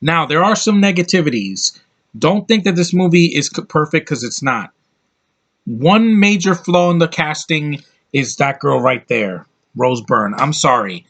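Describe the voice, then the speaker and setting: A man's voice: a little high, animated, measured pace, fairly bright tone. A man giving a casual, opinionated film review, rambling and restarting his sentences as he goes. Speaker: movie reviewer.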